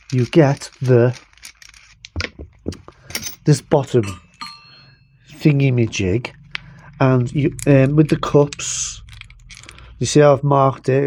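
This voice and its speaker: Rambling self-deprecating man, mellow voice. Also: medium pitch, a little hiss or hum. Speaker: bike vlogger. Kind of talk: casual demonstration vlog.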